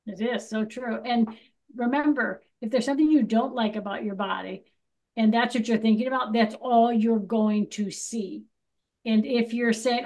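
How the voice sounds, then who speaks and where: A woman's voice: fairly high pitch, moderate pace, a little mellow. A woman co-hosting a self-help podcast, speaking in an encouraging, affirming way. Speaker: podcast co-host.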